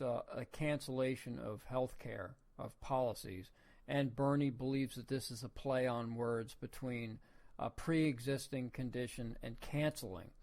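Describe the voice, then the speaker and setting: A podcast host giving a casual opinion monologue, talking in a folksy way full of rhetorical questions and frequent restarts. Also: male voice, mid-range voice, a little mellow.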